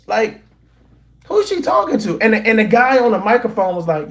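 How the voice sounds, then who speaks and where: A man giving opinionated commentary to a live chat, incredulous and animated, often repeating himself and restarting his sentences. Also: extremely high pitch, normal speed. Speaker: commentary vlogger.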